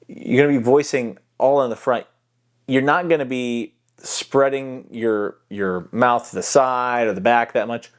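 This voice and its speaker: Here a voice-acting coach speaks at medium pitch and a moderate pace. The casual tutorial vlog finds him explaining technique loosely with demonstrations and many fillers, into a close mic he sometimes bumps.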